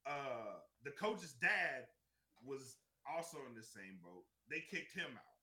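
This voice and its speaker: A man co-hosting a casual podcast, telling a story with animated energy and plenty of swearing. His voice is sharp and very bright, and it rises and falls widely. The room around him is roomy and echoey. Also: mid-range voice, takes it slowly. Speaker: podcast co-host. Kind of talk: casual chat.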